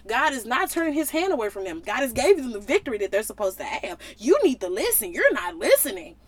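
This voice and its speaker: A woman's voice: on the high side, sing-song, fast. A woman voicing a stubborn biblical prophet who insists, in her own everyday voice, with emphatic repetition. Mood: insistent.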